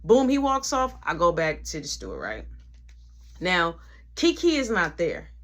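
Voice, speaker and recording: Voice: mid-range voice, unhurried. A woman telling a personal story in casual slang, acting out every line of dialogue. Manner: animated, acts out dialogue, heavy slang. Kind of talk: storytime narration.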